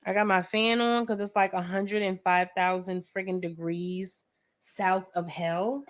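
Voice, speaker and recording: A young woman hosting a casual painting tutorial at home, chatty and joking with viewers, often clearing her throat. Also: medium pitch, steady tone, measured pace. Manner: chatty, joking asides, talks to viewers as friends; frequent laughs and throat clearing. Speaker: art tutorial host. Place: home studio with a fan running.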